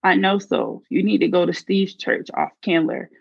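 Brief: a woman doing a no-nonsense aunt, raspy, dry and lo-fi. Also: lowish voice, normal speed, no echo, exaggerated voice. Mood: certain. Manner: blunt, certain. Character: blunt self-assured aunt, middle-aged woman.

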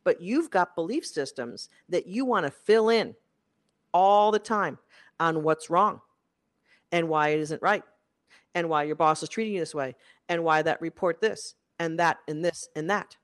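A career coach delivering an emphatic motivational monologue, repeating key phrases for effect. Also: measured pace. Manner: emphatic and repetitive, with big swings in pitch and loudness.

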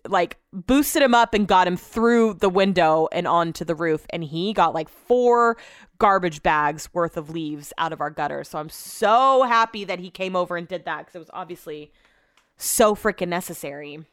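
A woman's voice: fairly low pitch, moderate pace, no room sound, studio quality. A woman in her thirties hosting a solo podcast, chatty and rambling, swearing freely and filling her talk with "like", feeling emotional. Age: 30s. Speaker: podcast host. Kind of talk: casual solo podcast chat.

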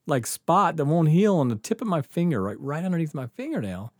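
Male storyteller, casual and animated, swings between hushed asides and loud bursts, dry close sound. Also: a little high, a little fast, dry recording. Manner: animated, acts out quotes, laughs often. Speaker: guest storyteller.

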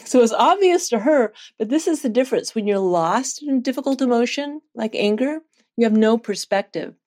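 A woman researcher, a guest in an interview, telling a personal story in an animated, earnest way and laughing now and then. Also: fairly high pitch, normal speed.

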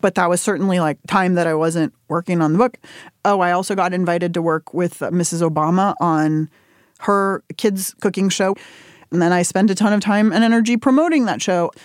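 An animated woman in her forties tells stories as an interview guest, her pitch leaping high whenever she acts out her own reactions. She laughs often and talks with candid energy. The sound is dry and close. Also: fairly quick, no echo. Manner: animated storytelling, jumps high when quoting herself, laughs often. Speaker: interview guest, cookbook author.

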